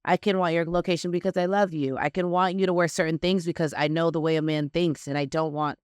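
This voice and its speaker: A woman hosting a podcast in casual chat, talking with animated, emphatic energy and quick laughs. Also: lowish voice, smooth, dry recording, studio quality. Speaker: podcast host.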